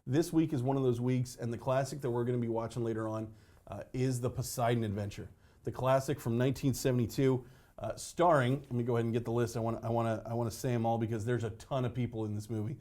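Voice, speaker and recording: A man's voice: mid-range voice, fairly even intonation, fast, warm tone. A man hosting a local movie review show, chatting casually with many fillers and jokes. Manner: rambling, filler-heavy, joking. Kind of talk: casual chat.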